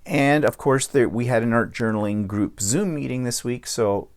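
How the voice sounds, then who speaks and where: A man's voice: mid-range voice, moderate pace. A man hosting his own vlog, ranting bluntly and checking in with the viewer as he goes. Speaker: vlog host. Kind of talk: casual vlog rant.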